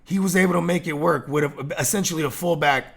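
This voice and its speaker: A man hosting a casual sports podcast, talking in an animated way with lots of fillers, swearing and laughing often. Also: a little high, fast, gravelly. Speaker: podcast host.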